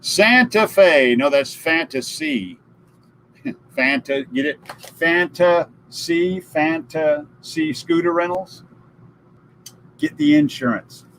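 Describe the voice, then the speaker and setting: Brief: man, middle-aged, stream host, lively up-and-down jokey delivery. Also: on the high side, takes it slowly, long pauses, slight background noise, rough recording. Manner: jokey, storytelling, laughs at his own puns. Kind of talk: casual live stream chat.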